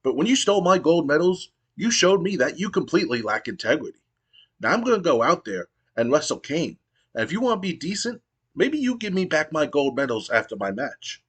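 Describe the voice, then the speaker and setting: A smug, self-righteous male wrestler making an angry accusation, as a man reads his lines aloud. The voice is pitched up slightly and sounds clipped and indignant. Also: sing-song, a little fast, a bit bright, slightly rough, full character voice. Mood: accusing.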